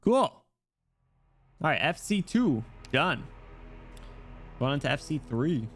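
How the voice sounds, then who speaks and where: A man's game stream mixes crude jokes, swearing, easy laughter, and dialogue read aloud, all in casual commentary. He speaks at normal speed in a mid-range voice, pausing often, with faint music in the background.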